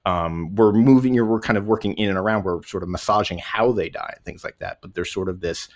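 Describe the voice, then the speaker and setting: A man's voice: fairly low pitch, brisk. A man hosting a podcast in casual chat, rambling a little and correcting himself as he goes. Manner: rambling, self-correcting, hedging with fillers. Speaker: podcast host.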